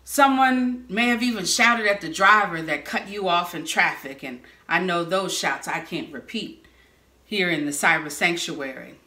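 Woman preacher, sermon, unhurried delivery, bright and forceful tone, echoey room. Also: lowish voice. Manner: lively storytelling with bursts of shouting. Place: church sanctuary or hall.

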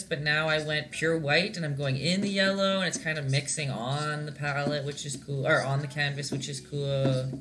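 The painting instructor, a young Canadian woman, has a low, bright voice with a forceful tone. Teaching a relaxed live-stream painting lesson, she chats, giggles and rambles, leaning heavily on fillers.

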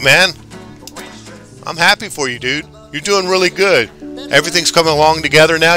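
Bright, hyped male game streamer. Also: fairly high pitch. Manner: chatty, hyped, talks back to viewers. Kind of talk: casual live game-stream chat.

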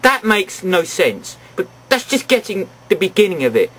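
A man's voice: sits high, sing-song, normal speed, a bit bright, slightly rough. A man giving a ranting, sarcastic film review in an exasperated tone.

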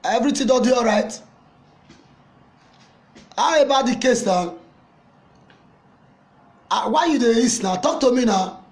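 A man with a Nigerian accent playing a loud, mocking older Nigerian mama in a comedy skit, scolding and teasing someone. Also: very high voice, animated, unhurried, pauses often, heavily acted. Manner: taunting, scolding, laughing at the listener.

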